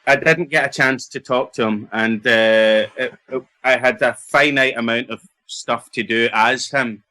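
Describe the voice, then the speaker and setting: A man's voice: medium pitch, fairly even intonation, a little slow, bright, forceful tone. A middle-aged Scottish man, an actor answering interview questions in a chatty, rambling, self-deprecating way. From Scotland. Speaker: actor guest.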